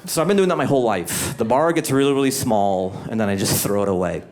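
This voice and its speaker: A man doing a stand-up comedy set in a comedy club, animated and acting out little scenes. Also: fairly low pitch, fast talker, noisy background. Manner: animated, acts out voices and groans. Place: comedy club stage with audience laughter.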